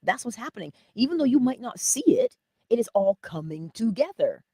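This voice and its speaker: Lively woman giving a motivational talk. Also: on the high side, fairly quick, breathy edge, dry recording, clean studio sound. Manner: animated, laughing, talks straight to viewers. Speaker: inspirational speaker.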